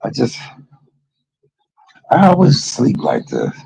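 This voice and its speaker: A man's voice: medium pitch, wildly swooping pitch, takes it slowly, gravelly, dark tone, breathy edge, poor audio. A man hosting a casual livestream from a hospital room, joking and loose with some profanity. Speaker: livestream host.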